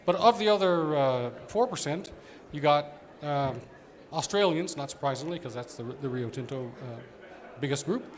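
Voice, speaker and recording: A man's voice: a little high, lively intonation, moderate pace, crowd noise. A man giving a conversational conference presentation as an operations executive, explaining with fillers.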